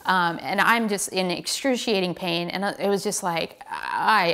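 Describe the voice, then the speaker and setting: An American woman, a professional cyclist, telling a story in a casual, animated way and acting out the lines people said to her. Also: fairly low pitch, a little slow, vocal fry. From United States. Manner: animated, relives the scene with quoted lines.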